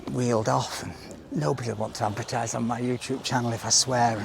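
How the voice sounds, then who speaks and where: A man's voice: mid-range voice, flat delivery, brisk, vocal fry. Wry man vlogging outdoors. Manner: wry, self-mocking, chatty asides. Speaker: vlogger, tour host. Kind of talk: casual walking-tour narration and chat. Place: outdoors in a seaside village street. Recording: outdoor street noise.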